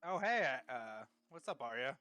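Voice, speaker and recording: Guy playing a gentle bear dude, kinda rambly, bouncy bright voice. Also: mid-range voice, sing-song, moderate pace, soft background music. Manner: kindly, rambling. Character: gentle male bear-formed humanoid.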